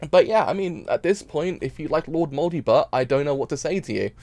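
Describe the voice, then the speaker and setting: A man's voice: on the high side, expressive, brisk, vocal fry, darkish tone, dry recording. Tearful man rambling in a dry booth. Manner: tearful, rambling, repeats himself. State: crying. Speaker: anime reaction streamer. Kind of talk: emotional casual reaction talk.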